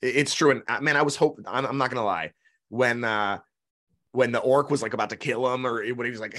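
A man co-hosting a podcast in casual chat, blunt and excitable, laughing often. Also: mid-range voice, quick pace. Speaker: podcast co-host.

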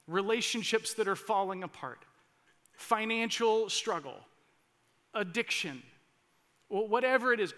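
Pastor guy preaching, high bright voice, earnest, gets fired up, lots of restarts. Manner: earnest, building to impassioned emphasis, with restarts. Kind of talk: sermon.

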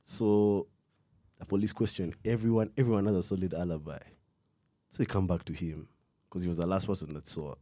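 Young man, low voice, mellow dark tone, dry close sound, rambling slangy storytelling, coughing now and then. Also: steady tone, fairly quick, dry recording. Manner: rambling, slangy, restarts often. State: coughing fits. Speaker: podcast co-host telling a true crime story. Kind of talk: casual chat.

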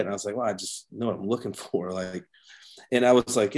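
A man's voice: on the low side, quick pace, darkish tone. Rambling man telling hunting stories. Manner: rambling storyteller with many restarts. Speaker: podcast guest. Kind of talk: casual chat.

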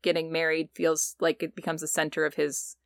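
A woman's voice: deep voice, flat delivery, brisk, gravelly, no room sound, studio quality. A woman co-hosting a podcast in casual chat, thoughtful and analytical, full of "like" and "you know". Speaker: podcast co-host.

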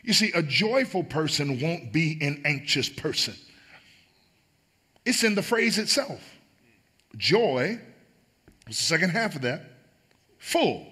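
A man's voice: a little high, big pitch swings, slow pace, long pauses, bright, forceful tone, slightly rough. A man preaching a sermon as pastor, emphatic and building on repeated phrases.

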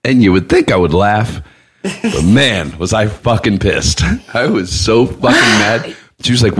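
Podcast host guy, super low husky voice, swears a lot, pitch jumps all over when he tells a story. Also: normal speed, a little hiss or hum. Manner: profane, animated, mocking quoted voices. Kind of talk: crude casual storytelling.

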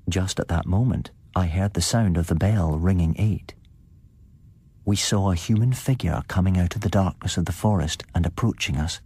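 A male podcast host narrates a ghost story at a measured, suspenseful pace. His voice is very low and husky. The sound is dry and close, with no room echo. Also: warm tone.

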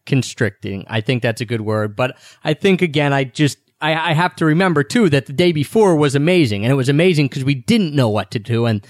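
A man's voice: medium pitch, brisk, hardly any pauses, no room sound, studio quality. A young man co-hosting a casual travel chat, talking in a rambling, self-deprecating way. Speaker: travel podcast co-host.

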